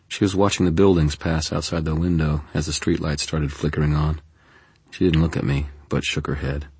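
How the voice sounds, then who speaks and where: A man narrates a first-person story in a measured, deadpan way. His voice sits extremely low with a husky, breathy grain. It is recorded close and completely dry. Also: no room sound. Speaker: audiobook narrator.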